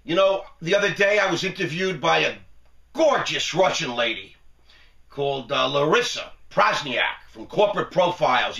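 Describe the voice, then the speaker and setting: A man's voice: on the high side, creaky, sharp tone, reverberant, far from the mic. A middle-aged man hosting his own show, talking to camera in a boastful, joking way and laughing at his own lines. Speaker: online show host. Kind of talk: casual monologue to camera. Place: television studio.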